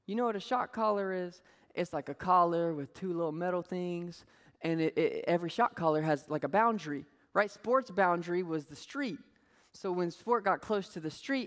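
A man giving a humorous, animated sermon, telling a story and acting out voices. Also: sits high, moderate pace, big-room sound. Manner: animated, jokey, acts out voices.

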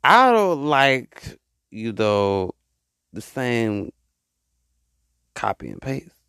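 Animated man ranting dating advice. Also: medium pitch, extremely slow, gravelly, clean tone, dry recording, studio quality. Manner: animated, repetitive, rambling, mocking. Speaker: relationship advice vlogger. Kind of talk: casual advice monologue.

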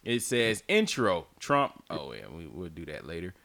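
Animated man telling a swear-laden story. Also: deep voice, normal speed, gravelly. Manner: swearing, laughs through his story, acts out his own yelling. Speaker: podcast co-host. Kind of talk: casual chat, storytelling.

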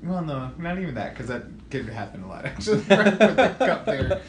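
A man's voice: fairly high pitch, very animated, fairly quick, roomy sound, a crowd in the background. A man co-hosting a podcast, rambling and hesitating as he thinks aloud in casual chat. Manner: rambling, laughs often, hesitant. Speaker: podcast co-host.

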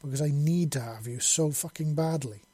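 A man voicing a horned, passionate young female lover who speaks softly and emotionally. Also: a little high, moderate pace, slightly rough, no room sound.

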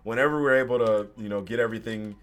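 A man's voice: mid-range voice, quick pace. A man in his twenties, a podcast guest, casually telling a personal story with slang and swearing. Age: 20s.

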